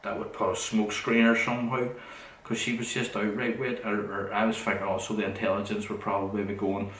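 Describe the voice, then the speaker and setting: Low-voiced man rambling. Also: little pitch movement, a little fast, fairly bright tone, reverberant, far from the mic, slight background noise, poor audio. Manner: profane, rambling, restarts often. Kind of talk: casual storytelling.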